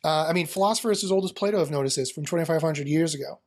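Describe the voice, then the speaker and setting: Middle aged guy explaining stuff like a lecturer, pretty high voice. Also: rapid-fire. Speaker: guest, philosopher and teacher. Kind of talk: casual interview answers.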